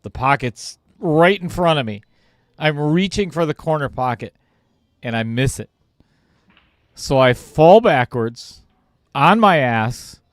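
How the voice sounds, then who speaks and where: Male pool commentator, casual self-mocking storyteller, drawn-out delivery. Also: mid-range voice, no room sound, studio quality. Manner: self-deprecating storyteller who laughs at himself. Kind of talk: casual anecdote told on air.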